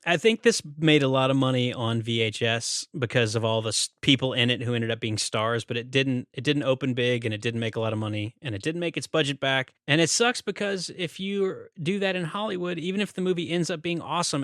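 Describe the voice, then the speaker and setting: A man hosting a podcast in casual chat with quick, wry jokes. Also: medium pitch, fairly bright tone, dry recording, clean studio sound. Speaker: podcast host.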